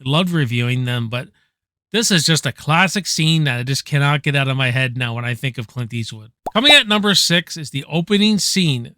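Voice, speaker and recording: A man casually ranking favorite movies, rambling excitedly, swearing freely and tossing in "man" at every turn. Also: mid-range voice, brisk, no room sound, clean studio sound. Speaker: movie reviewer. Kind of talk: casual enthusiastic movie countdown.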